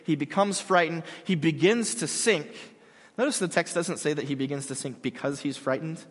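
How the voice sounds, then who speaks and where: A man preaching to a congregation, with a somewhat high voice that carries a long echo through the hall. He tells stories with energy and acts out the quotes, some loud and some hushed. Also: normal speed. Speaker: pastor. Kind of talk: sermon.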